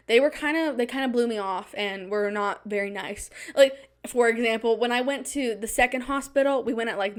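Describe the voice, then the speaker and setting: Fast-talking young woman podcaster. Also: on the high side. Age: young adult. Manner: fast-talking, chatty, dramatic retellings. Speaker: podcast host. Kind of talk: casual solo chat. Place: home studio.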